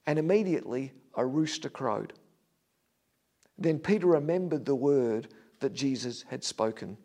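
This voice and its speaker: A preacher tells a story to his congregation in a somewhat higher male voice. He retells it vividly, rising loud and then dropping to a near hush. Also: lively intonation, normal speed. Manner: vivid retelling, swings between loud and hushed. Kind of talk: sermon storytelling.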